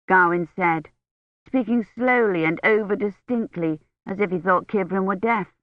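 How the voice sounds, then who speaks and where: A woman reading a novel aloud as narrator, in a measured, even way. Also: mid-range voice, no echo. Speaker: audiobook narrator. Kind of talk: scripted narration. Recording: dull, dry audiobook recording.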